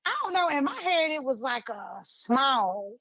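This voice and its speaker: A woman podcast co-host casually retelling a fan story, acting out the characters' lines with lively colloquial talk. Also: high voice, unhurried, no echo, highs cut off. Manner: animated storytelling in colloquial Southern US English, acts out lines.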